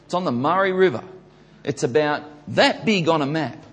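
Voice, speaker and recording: A man preaching a sermon, building to loud emphatic peaks and repeating his key questions. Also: a little high, lively intonation, normal speed. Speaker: pastor.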